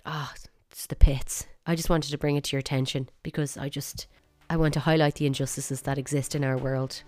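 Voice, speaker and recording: A woman's voice: rumbling low, level tone, quick pace, darkish tone, faint music behind. A woman with an Irish accent hosting a solo podcast, chatty and wry, with bursts of mock outrage. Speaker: podcast host.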